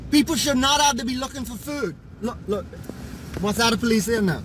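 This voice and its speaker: Hoarse, agitated Bahamian man, very high voice. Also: lively intonation, fairly quick, noisy background. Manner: agitated, urgent, repeats himself. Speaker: local resident filming storm damage. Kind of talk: angry walking commentary.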